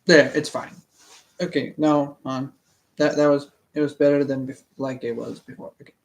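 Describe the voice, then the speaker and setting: A man's voice: mid-range voice, steady tone, normal speed. A young man hosting a casual book reading stream, rambling and stammering with many fillers and restarts. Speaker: book reading channel host. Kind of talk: casual rambling livestream chat.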